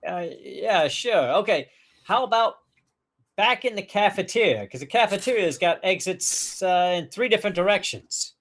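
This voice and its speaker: A man playing a tabletop horror game, talking in a halting way with many hesitations. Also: high voice, lively intonation, a bit bright. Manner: hesitant, halting, swears often. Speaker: player. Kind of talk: casual in-character play.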